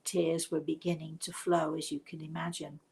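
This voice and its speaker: Hushed, gravelly older British woman. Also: low-pitched, level tone, moderate pace, rough recording. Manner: hushed, dramatic storytelling, often dropping to a whisper. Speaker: spiritual medium. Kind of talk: live storytelling show.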